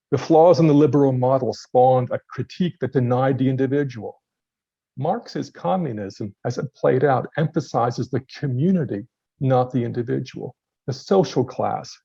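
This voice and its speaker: A man giving a sermon-style lecture at a worship service, measured and deliberate, with some passages read aloud. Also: mid-range voice, creaky, mellow, husky, no echo, muffled recording. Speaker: guest speaker.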